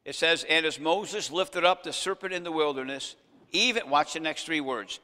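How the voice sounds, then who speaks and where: Bright-voiced preaching pastor in a church. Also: male voice, fairly high pitch, measured pace. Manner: preaching with rising emphasis, addressing the congregation directly. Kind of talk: sermon. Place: church sanctuary. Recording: long church reverb.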